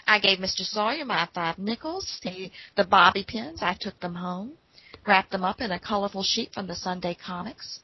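A woman telling a personal story in an unhurried, folksy way. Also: mid-range voice, slightly rough, dry recording, lo-fi sound.

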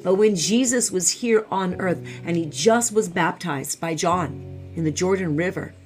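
A woman's voice: fairly low pitch, a little slow, a little mellow, faint music behind. A woman teaching the Bible online, fervent and repeating phrases for emphasis.

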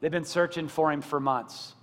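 Middle-aged pastor preaching in a reverberant church. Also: male voice, on the high side, fairly even intonation, normal speed. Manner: preaching that builds to loud, emphatic repetition; asks the congregation rhetorical questions. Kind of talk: sermon. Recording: long church-hall reverb.

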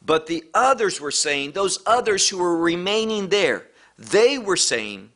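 A man's voice: high-pitched, sing-song, unhurried, fairly bright tone. A man teaching the Bible verse by verse, emphatic, asking rhetorical questions and answering them himself.

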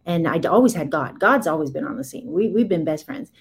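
A woman's voice: sits low, animated, a little fast, slight background noise, rough recording. A woman in her forties giving a candid, impassioned account in conversation, speaking emphatically in rising bursts. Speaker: guest.

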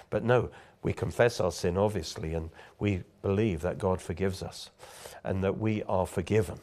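A man's voice: fairly even intonation, normal speed, a little mellow. A man preaching a sermon, declaring bold answers to doubt with strong rises in emphasis. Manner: emphatic, declaring bold replies with rising pitch.

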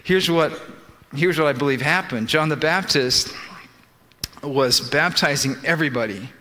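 Speaking at a measured pace, the fairly high-pitched preacher sounds pushed and bright. He explains scripture in restarting bursts, quoting the figures he speaks of, within a church sanctuary heavy with long reverb.

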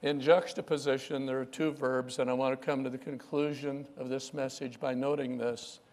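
A man's voice: mid-range voice, level tone, moderate pace, a little mellow, big-room sound. A male pastor preaching a sermon emphatically, repeating key phrases and calling on the congregation to respond.

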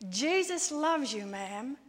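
A woman's voice: sits high, lively intonation, slow pace, exaggerated voice. A woman preacher voicing an eager eleven-year-old boy, earnest and pleading. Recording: long church-hall reverb.

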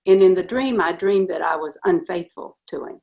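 A middle-aged woman telling a personal story in an interview, earnest and animated. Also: on the low side, moderate pace, gravelly. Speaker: guest.

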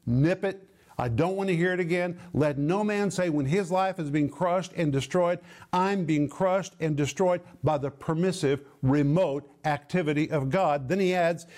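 A man preaching a sermon, emphatic, repeating key phrases and slowing down or speeding up for stress. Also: a little high, a little mellow. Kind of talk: sermon teaching.

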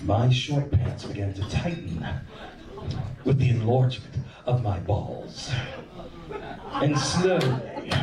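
A man telling an animated comic story on stage, acting out voices. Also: on the high side. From American South. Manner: animated, acts out voices and sings bits. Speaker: stand-up comedian. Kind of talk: stand-up storytelling. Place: comedy club stage. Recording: roomy club sound from a distance.

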